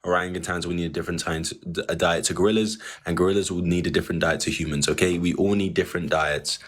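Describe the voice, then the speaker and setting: A man's voice: low voice, fairly even intonation, quick pace, breathy edge. A man hosting a live online debate, talking in a lecturing, patronizing way. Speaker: debate host.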